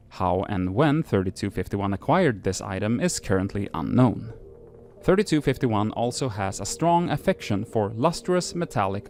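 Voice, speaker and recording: A man's voice: on the low side, a little mellow. A man hosting a show, reading archive entries aloud and breaking off into casual, self-deprecating asides full of fillers.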